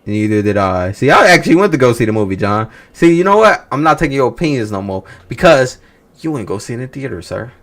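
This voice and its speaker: A man's voice: medium pitch, very animated, quick pace, a bit bright. A man hosting a livestream, chatting casually with viewers, teasing them and swearing freely. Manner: profane, teasing, rhetorical banter. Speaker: livestream host reacting to movie news.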